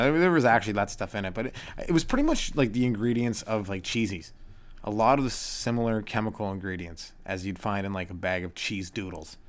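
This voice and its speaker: A young man with a somewhat low voice rants through a solo comedy podcast. He swears freely, wanders from one story to the next, and squeaks into high voices whenever he quotes someone. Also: fairly bright tone. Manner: profane, rambling, acts out quotes in high voices. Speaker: podcast host.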